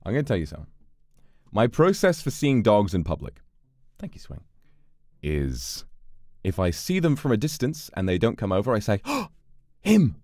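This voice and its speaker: A man's voice: fairly low pitch, big pitch swings, moderate pace, pauses often, darkish tone, dry recording, clean studio sound. A man streaming a game, reading its text aloud and joking in casual commentary. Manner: playful, reads game text aloud and jokes.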